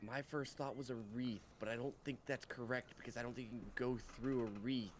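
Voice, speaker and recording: A man's voice: mid-range voice, steady tone, a little fast, slight background noise. A man playing a tabletop game, talking casually and often repeating words. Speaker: player.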